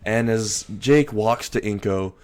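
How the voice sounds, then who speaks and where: A young man narrating an improvised story in a loose, halting way with frequent restarts. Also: on the low side, darkish tone, clean tone.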